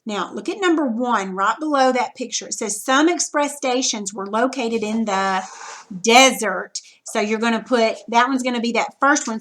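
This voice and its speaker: Patient woman teacher, higher voice. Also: a bit bright. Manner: patient, step-by-step explaining with frequent "okay". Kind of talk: recorded reading lesson.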